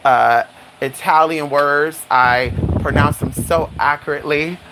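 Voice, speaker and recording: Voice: steady tone, measured pace, background noise. Sassy, flamboyant live-streamer chatting. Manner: sassy and flamboyant, calls listeners honey and girl; swoops high for dramatic exclamations. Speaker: livestreamer. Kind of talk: casual live-stream chat.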